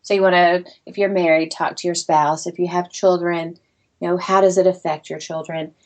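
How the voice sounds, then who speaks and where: A middle-aged woman, an interview guest and author, telling her story in a lively, self-deprecating way and laughing often. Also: lowish voice, normal speed.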